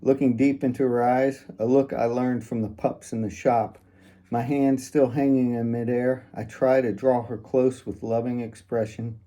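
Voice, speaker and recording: A man's voice: mid-range voice, little pitch movement, moderate pace, mellow. A man reading first-person fiction aloud in a wry, sardonic manner. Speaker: audiobook narrator.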